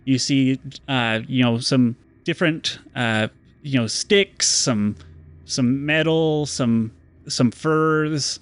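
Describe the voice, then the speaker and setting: A man running a tabletop role-playing game as game master, narrating descriptively and slowing down for dramatic moments. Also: mid-range voice, smooth.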